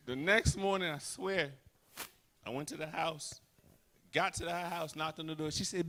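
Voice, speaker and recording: A male comedian working a live crowd, teasing and shouting one moment and hushed the next. His voice is bright and a little high. Faint clicks sit under the sound. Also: normal speed, slight background noise. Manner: loud, teasing, swings from shouting to hushed asides. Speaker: stand-up comedian. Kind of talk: stand-up comedy with crowd work.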